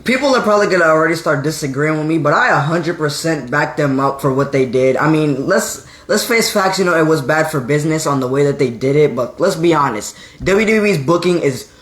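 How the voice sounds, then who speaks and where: A man's voice: on the high side, expressive, a little fast, few pauses, a bit bright, echoey room. A man co-hosting a casual live-stream chat, opinionated, laughing easily and sometimes stumbling over words. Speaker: podcast co-host.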